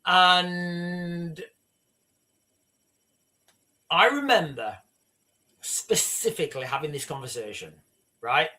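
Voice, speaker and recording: A northern English man hosting a livestream, giving fast, rambling political commentary with many restarts. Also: a little high, expressive, pushed and bright. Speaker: livestream host.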